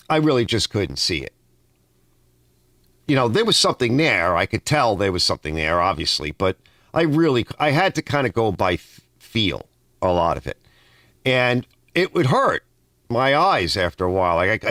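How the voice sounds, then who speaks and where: A man talking casually in his home garage, reading out viewer comments and wandering into long personal stories. His pitch rises and falls a lot, and the sound stays close and dry. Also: fairly bright tone, dry recording. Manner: rambling, personal storytelling full of restarts. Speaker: host of a garage channel.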